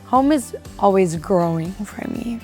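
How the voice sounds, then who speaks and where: A woman's voice: mid-range voice, lively intonation, unhurried, mellow, faint music behind. A young woman from India in her twenties, speaking candidly and reflectively as an international student in an interview. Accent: American-leaning with Indian undertones. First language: Indian English speaker. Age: 20s. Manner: candid, reflective, casual fillers. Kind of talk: interview testimony.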